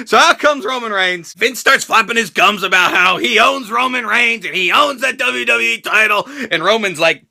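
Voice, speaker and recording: High gravelly excitable rant host. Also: male voice, normal speed. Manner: crude, excitable, jokey, does impressions. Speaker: wrestling show reaction host. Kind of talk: profane comedic rant review.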